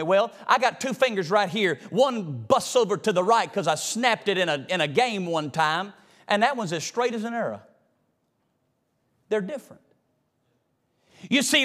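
High-voiced preacher man. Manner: folksy, call-and-response preaching, swings from loud to hushed. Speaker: pastor. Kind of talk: sermon. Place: church sanctuary.

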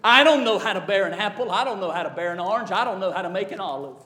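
A small, worried tree branch frets in a hesitant, plaintive voice, as a preacher acts it out. The voice stays fairly high and echoes around a church. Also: male voice, lively intonation, quick pace, bright, forceful tone.

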